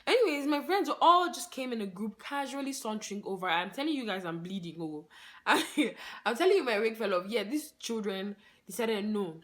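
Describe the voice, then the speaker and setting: A woman's voice: a little high, a little fast. Chatty woman, "like" in every phrase. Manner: fills nearly every phrase with "like"; excitable, laughs through the story. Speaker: vlogger. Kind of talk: casual storytime vlog.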